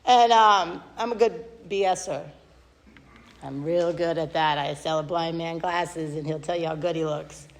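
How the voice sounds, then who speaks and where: At a podium mic, a woman gives a candid, self-deprecating share at an AA recovery meeting, rambling with lots of fillers. Her voice sits low and unhurried. The recording has long hall reverb and a little hiss or hum.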